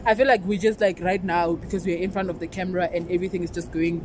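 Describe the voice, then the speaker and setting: A young woman from South Africa speaks with a Lobedu South African accent in a relaxed, playful vlog chat. She laughs often and mixes English with her home language. A faint hum of noise sits behind her. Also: lowish voice, racing. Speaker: vlogger. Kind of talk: casual chat.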